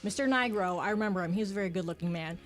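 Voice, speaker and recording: A woman's voice: medium pitch, racing. A woman co-hosting a sports radio show, telling a story in casual chat and laughing often. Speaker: radio co-host. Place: radio studio.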